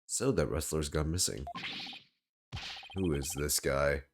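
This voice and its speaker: Deep-voiced rambling man streaming a game. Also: slow pace, gravelly, a little hiss or hum. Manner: rambling, lots of "like", thinking aloud. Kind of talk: casual gameplay commentary.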